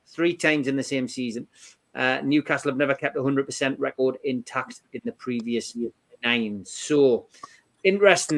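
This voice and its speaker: A man hosting a fan football podcast, reading match stats with frequent fillers. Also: a little high. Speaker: podcast host.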